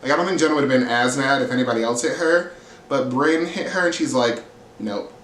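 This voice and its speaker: Speaking fast in a mid-range, fairly bright voice, a man recaps a reality TV episode with casual, blunt sass and free cursing, acting out the quotes. The room has a roomy echo and faint ambient hiss.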